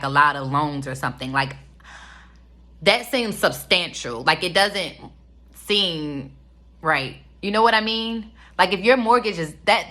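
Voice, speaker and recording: Woman, 30s, casual show reviewer; bright, chatty, rambling delivery. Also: low voice. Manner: chatty, rambling with many fillers. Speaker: reality TV reviewer. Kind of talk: casual commentary.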